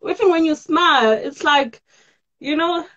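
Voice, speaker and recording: A woman's voice: high-pitched, a little slow, a bit bright, highs cut off. A woman from South Africa hosting an online chat show over a video call. She laughs often and speaks effusively, repeating herself. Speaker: host.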